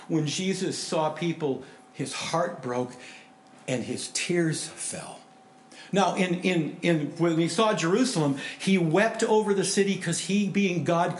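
A male pastor preaching a sermon with stories, animated, swinging between loud emphasis and hushed softness. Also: a little high. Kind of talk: sermon with storytelling. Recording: echoey room with faint background ambience.

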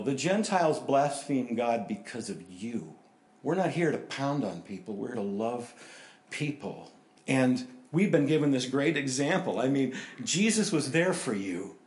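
A middle-aged man preaching a sermon, telling stories and swinging between loud animated bursts and hushed, earnest passages. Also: medium pitch, normal speed. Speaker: pastor. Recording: roomy, echoey hall.

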